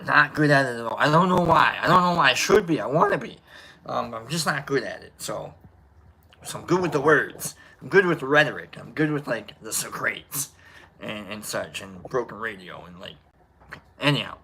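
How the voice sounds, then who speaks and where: A woman's voice: rumbling low, animated, normal speed, vocal fry, sharp tone, slight background noise. A woman hosting a casual solo stream, rambling and playful, often repeating herself. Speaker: host.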